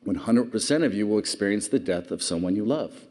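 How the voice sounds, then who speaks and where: A man's voice: on the low side, lively intonation, fairly quick, dark tone. A man giving an earnest public speech, telling stories and asking the audience questions. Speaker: award speaker.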